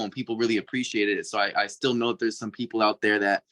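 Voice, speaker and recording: A man's voice: fairly low pitch, steady tone, quick pace, hardly any pauses, a bit bright. A young man from Flint, Michigan, speaking as a youth panelist on a video call, telling stories animatedly and mimicking other people. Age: young adult. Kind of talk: casual panel discussion.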